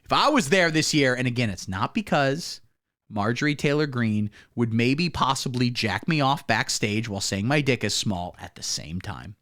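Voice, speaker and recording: Animated, profane male comedy streamer. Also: medium pitch, moderate pace. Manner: profane, rambling, mocking riffs. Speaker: comedy livestream host. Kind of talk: crude comedic reaction commentary.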